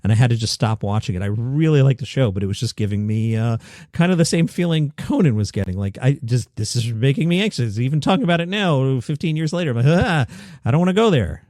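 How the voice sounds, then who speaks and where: A man's voice: mid-range voice, expressive, fast, darkish tone, no echo, studio quality. A middle-aged man from Queens, hosting a comedy news show with wry, self-deprecating asides. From Queens, New York. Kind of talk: solo comedy news commentary.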